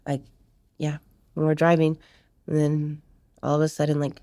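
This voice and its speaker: A woman's voice: low-pitched, completely flat delivery, normal speed, dark tone, no room sound, clean studio sound. A woman, a podcast guest, casually telling her life story in a candid interview and acting out what others said.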